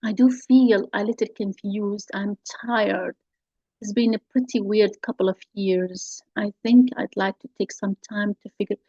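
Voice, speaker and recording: A woman's voice: mid-range voice, fairly even intonation, a little slow, mellow, slightly rough, no room sound. A woman reading the lines of a tired, hurt younger sister from a play, in a dull, dry recording. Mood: weary. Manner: hesitant, then protesting. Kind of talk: reading a play scene aloud.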